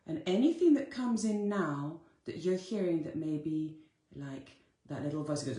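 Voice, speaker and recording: A woman's voice: low-pitched, lively intonation, moderate pace, dark tone, reverberant. A woman giving a live-streamed motivational talk, earnest and direct, repeating her key phrases to her listeners. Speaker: spiritual coach.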